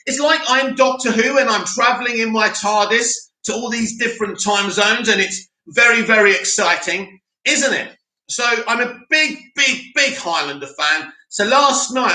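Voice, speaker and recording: High, bright-voiced chatty stream host. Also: male voice, roomy sound, rough recording. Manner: animated, chatty, reads viewer comments aloud. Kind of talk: casual live-stream chat. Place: home studio in Cyprus.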